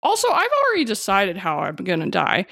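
A woman's voice: mid-range voice, wildly swooping pitch, fairly quick, vocal fry, a bit bright, no room sound. Rambling woman podcaster, dry close sound. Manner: rambling, self-deprecating, restarts. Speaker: podcast co-host. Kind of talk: casual podcast chat.

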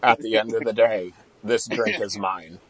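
A man's voice: lowish voice, fairly even intonation, moderate pace, crowd noise, poor audio. A man hosting a casual interview who jokes around and swears freely. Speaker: podcast host.

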